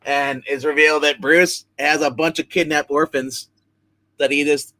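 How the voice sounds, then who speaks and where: A man's voice: a little high, level tone, moderate pace, bright, forceful tone. A man hosting a live comic book review, recapping plots casually with many fillers and restarts.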